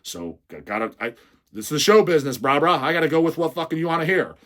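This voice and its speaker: A man hosting a casual question-and-answer segment for his metal channel, cursing almost every sentence. He reads viewer messages aloud and tears into them with blunt, mocking humor, his pitch jumping up and down as he goes. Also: animated, quick pace, a bit bright. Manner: swears constantly, mocking and blunt. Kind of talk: casual profane Q&A rant.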